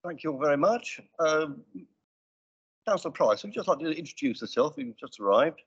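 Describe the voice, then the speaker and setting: A man's voice: a little high, sing-song, breathy edge. Man chairing a council meeting. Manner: brisk, businesslike with dry asides. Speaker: committee chair. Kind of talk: formal meeting procedure. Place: council chamber. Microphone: desk microphone. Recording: dull lo-fi meeting stream.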